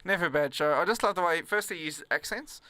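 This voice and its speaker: Bright-voiced, rambling man. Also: fairly high pitch, fast, dry recording. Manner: rambling, laughing easily, many restarts. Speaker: comedian guest. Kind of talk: casual podcast chat.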